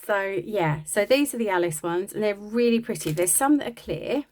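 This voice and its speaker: A woman's voice: medium pitch, expressive, moderate pace, darkish tone. A woman chatting casually and rambling a little as she shows off her craft supply haul. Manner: chatty, rambling, self-deprecating. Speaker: crafting vlogger. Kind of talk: casual show-and-tell chat.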